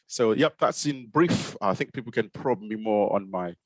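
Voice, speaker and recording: A middle-aged man from Zimbabwe with a Zimbabwean accent softened by years in the UK, telling his story in a relaxed, self-deprecating way with plenty of fillers and restarts. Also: fairly low pitch, normal speed, dry recording. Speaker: guest, consultant pediatrician. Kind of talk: casual conversational storytelling.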